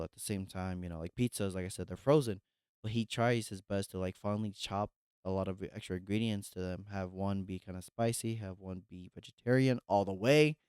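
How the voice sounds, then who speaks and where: A man's voice: sits low, a little mellow, clear, resonant tone, dry recording, studio quality. A man co-hosting a podcast in casual chat, hesitant and full of fillers and restarts. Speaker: podcast co-host.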